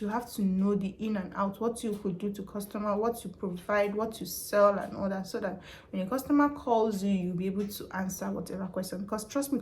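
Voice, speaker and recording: A woman giving chatty, emphatic advice on a vlog, repeating her points. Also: mid-range voice. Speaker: vlogger and customer service worker.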